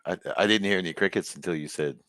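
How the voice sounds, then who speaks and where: A man with a gravelly voice chatting bluntly and swearing casually. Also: sits low, fast talker, fairly bright tone, no room sound, clean studio sound. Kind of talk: casual chat.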